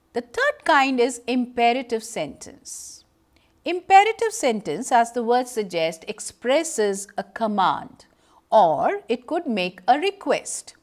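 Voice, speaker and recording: A woman with an Indian English accent delivers an educational lecture at an unhurried pace. Her voice sits a little high and moves a lot in pitch. She explains step by step and reads out example sentences as she goes. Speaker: teacher.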